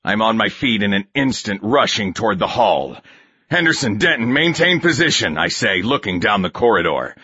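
A man narrates in a low, husky voice with a bright, forceful edge. His storytelling is steady and measured. The recording is dry and a little dull. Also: dry recording. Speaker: audiobook narrator. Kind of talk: scripted narration of a war novel.

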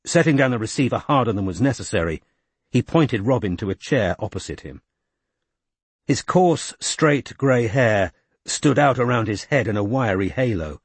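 A man reading a novel aloud in even, measured scripted narration. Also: medium pitch, breathy edge, dry recording. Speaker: audiobook narrator.

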